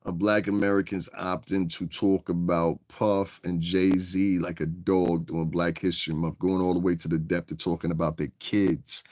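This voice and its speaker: A man's voice: deep voice, level tone, normal speed, few pauses, darkish tone, no echo, studio quality. A man hosting a livestream, ranting angrily and combatively with heavy profanity. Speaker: livestream host. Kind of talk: casual livestream rant.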